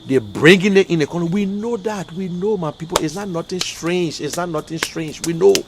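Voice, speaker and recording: A man with a Liberian English accent holds forth on a political livestream, repeating his points and jumping from quiet muttering to sudden loud bursts. His voice sits a bit high for a man. A faint hiss of background noise runs under the recording. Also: fairly quick. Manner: emphatic, repetitive, swings between muttering and loud outbursts. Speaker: livestream commentator. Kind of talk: impassioned political livestream rant.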